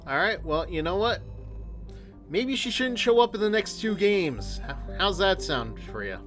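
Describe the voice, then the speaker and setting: A man's voice: sits high, big pitch swings, measured pace, fairly bright tone, faint music behind. A man in his thirties who rambles, full of fillers, while streaming a game at home on a desktop microphone. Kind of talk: casual gameplay commentary. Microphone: desktop microphone with headphones.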